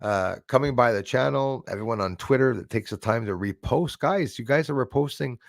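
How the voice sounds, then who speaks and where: A man's voice: medium pitch, fairly quick, creaky, no room sound, studio quality. A man hosting a live stream, chatting casually and jokingly with viewers, rambling with many fillers and restarts. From Canada.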